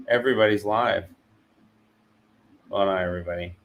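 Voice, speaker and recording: A man's voice: low voice, moderate pace, vocal fry, fairly bright tone, a little hiss or hum, low-quality recording. A man chatting casually on a livestream, rambling and talking to viewers while a 3D printer runs. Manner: laid-back, rambling, talks to chat. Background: printer running.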